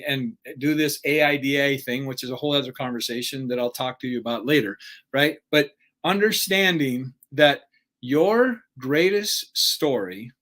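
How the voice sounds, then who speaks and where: Male motivational host, slightly high voice, earnest and direct, tags lines with "right?". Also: pushed and bright. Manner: earnest, keeps asking "right?"; acts out quoted dialogue in his story. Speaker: live show host, speaking coach. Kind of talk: motivational talk.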